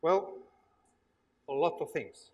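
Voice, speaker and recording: A man with a Slavic accent, English not his first language, giving a workshop talk to students in a lecture hall, halting, with frequent pauses and repeats. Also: on the high side, animated. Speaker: guest lecturer.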